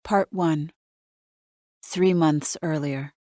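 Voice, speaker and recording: Audiobook narrator: woman, low voice, wry and measured first-person read, dry close sound. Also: fairly even intonation, mellow, no room sound.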